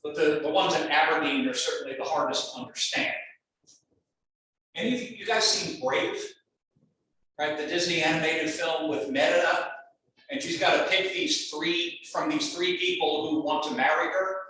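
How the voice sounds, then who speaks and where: Guy lecturing in a big echoey room, far from the mic, chatty and rambly, bright voice. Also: a little high, normal speed, a little hiss or hum. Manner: casual, chatty, digressive. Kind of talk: university lecture.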